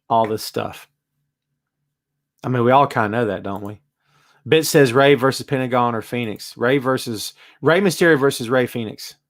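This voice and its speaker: A man hosting a casual live-stream chat, reading viewer comments aloud and answering them in an animated, emphatic way. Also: vocal fry. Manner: wide swings in pitch and loudness, emphatic. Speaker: host.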